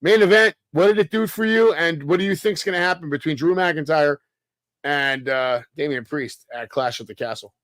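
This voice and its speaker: A man's voice: a little high, normal speed, a bit bright, no echo. A man co-hosting a casual wrestling podcast, hyping matches, swearing and firing rhetorical questions at his partner. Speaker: podcast co-host.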